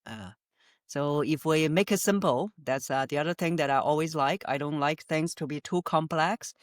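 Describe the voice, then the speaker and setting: A woman's voice: sits low, moderate pace, dry recording, clean studio sound. A woman voice coach answering interview questions, explaining with frequent "uh" fillers and light laughs. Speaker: voice coach guest.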